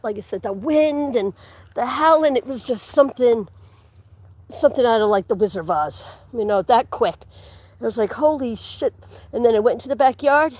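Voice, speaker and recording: Walking through the woods on her livestream, a chatty woman rambles and laughs a lot, now and then slipping into a whisper. Her voice is fairly high with a darkish tone, and there's no echo.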